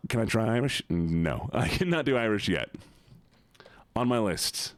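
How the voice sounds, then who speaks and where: A man's voice: lowish voice, big pitch swings, measured pace, no room sound. A man streaming games and chatting casually with his viewers in a laid-back, teasing way. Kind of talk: casual chat with viewers while gaming.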